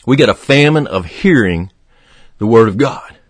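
A man preaching a fervent radio sermon, swinging from emphatic peaks to hushed, low passages. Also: animated, moderate pace, breathy edge, no room sound.

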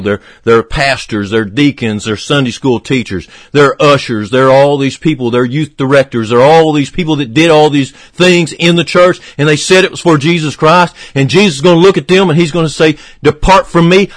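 A man preaching a fervent radio sermon, swinging from emphatic peaks to hushed, low passages. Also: no echo.

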